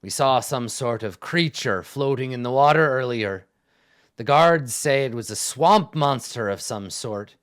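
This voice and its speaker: A man voicing a huge, stern but bumbling male camp commander in a tabletop game, gruff and suspicious. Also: mid-range voice, unhurried, fairly bright tone, natural voice. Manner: gruff and suspicious, easily distracted.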